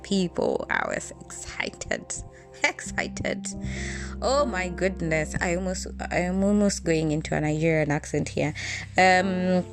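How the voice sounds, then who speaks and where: A woman's voice: on the low side, unhurried, over music. A woman from Kenya, hosting a podcast and telling a personal story in a candid, reflective way. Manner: candid, reflective, with frequent restarts. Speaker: podcast host.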